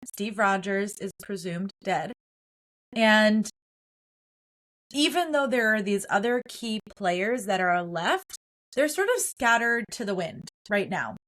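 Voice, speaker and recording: A woman's voice: mid-range voice, lively intonation, slow, fairly bright tone. A woman hosting a solo podcast, talking through a film in an earnest, opinionated way and building her points in lists. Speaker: podcast host.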